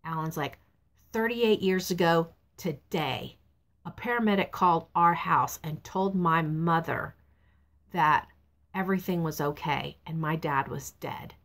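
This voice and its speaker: A woman's voice: low-pitched, unhurried, a bit bright. A middle-aged woman vlogging casually, telling a personal story in a chatty way. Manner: chatty storytelling, acts out quoted voices. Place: truck stop, outdoors.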